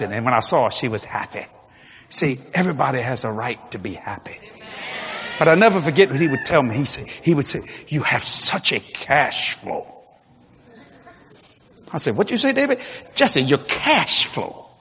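A man preaching a sermon with jokes, swinging from low murmurs to loud shouts. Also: lively intonation, normal speed, pauses often, husky. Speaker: pastor. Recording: long hall reverb, faint ambience.

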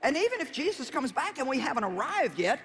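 A man's voice: very high voice, very animated, quick pace, fairly bright tone, in a large hall, slight background noise. A man preaching a sermon in a folksy, conversational way, with emphatic exhortations.

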